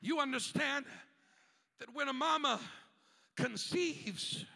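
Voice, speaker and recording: A male pastor preaching with a strikingly high, gravelly voice that has a sharp, piercing edge. He builds his phrases with "uh" fillers and climbs into shouts. The sound rings with the long reverb of a big church hall. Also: takes it slowly. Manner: emphatic preaching that rises to shouts, with frequent "uh" fillers between phrases. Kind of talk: sermon. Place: church sanctuary.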